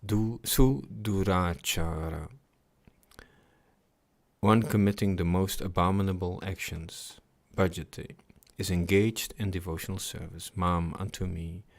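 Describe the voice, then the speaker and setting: A man with a very low, gravelly voice reads devotional scripture aloud at a slow pace. He stops often to reflect and repeats his words, as on a home livestream. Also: fairly even intonation. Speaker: scripture reader. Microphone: computer mic on a livestream.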